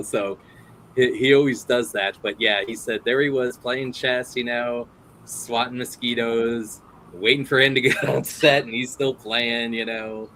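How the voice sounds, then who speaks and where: A man's voice: mid-range voice, fairly even intonation, measured pace, pushed and bright, a little hiss or hum, poor audio. A man hosting a casual interview, telling rambling stories full of fillers and laughs. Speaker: host.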